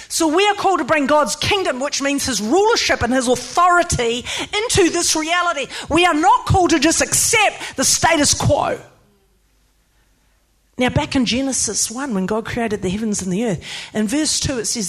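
A woman pastor, preaching a sermon in an emphatic, lively way with playful asides. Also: high voice, normal speed.

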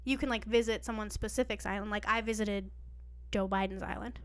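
Young female co-host, clear voice, chatty, giggly. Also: medium pitch, fairly even intonation, brisk. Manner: bubbly, rambling, laughs often. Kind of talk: casual chat.

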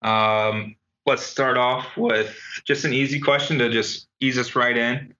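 Bright-voiced young man hosting sports talk. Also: mid-range voice, fairly even intonation, unhurried, slight background noise. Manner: leads segments, joking, many ums. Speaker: podcast co-host. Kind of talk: casual sports chat. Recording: dull lo-fi home recording over call.

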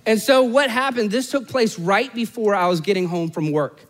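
A man in his forties preaching a sermon, telling a family story with joking asides to the congregation and swinging from loud, emphatic peaks to hushed, soft passages. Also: high voice, moderate pace, big-room sound. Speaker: pastor.

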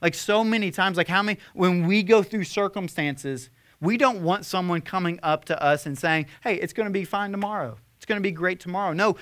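A young man preaching a sermon as a pastor, conversational with fillers, swinging from impassioned emphasis to hushed tenderness. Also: sits high. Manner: earnest, rising to impassioned emphasis then hushed.

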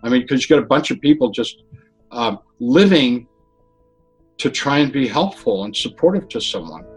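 A man's voice: mid-range voice, moderate pace, slightly rough, soft background music, rough recording. A man telling a personal story with lots of back-and-forth dialogue, restarting his sentences as he goes. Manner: animated retelling with dialogue and restarts. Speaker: interviewee telling a near-death story.

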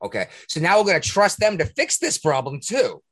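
Husky, fired-up man ranting. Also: high-pitched, fairly quick. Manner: profane, indignant, animated. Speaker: podcast host. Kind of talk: heated casual rant.

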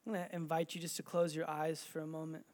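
A male pastor telling a personal story in a sermon, swinging between hushed, near-whispered moments and loud, intense emphasis, with a casual, "like"-filled way of talking. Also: a little high, flat delivery, fast.

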